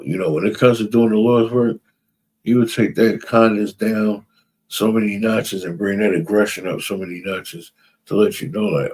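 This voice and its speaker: Man, religious class teacher, husky and low, emphatic preaching, quotes scripture. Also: fairly even intonation, moderate pace, darkish tone. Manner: emphatic, repeats phrases, asks "you understand?"; reads out scripture verses.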